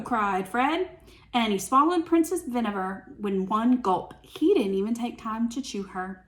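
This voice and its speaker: Slow, expressive woman reading a storybook. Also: a little high. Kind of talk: reading a picture book aloud.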